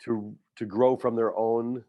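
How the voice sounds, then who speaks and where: A man's voice: medium pitch, fairly even intonation, measured pace, no echo, phone-quality sound. Heartfelt middle-aged man, coach. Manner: heartfelt, faith-filled, repeats words when moved. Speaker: high school football coach and teacher. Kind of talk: emotional podcast interview.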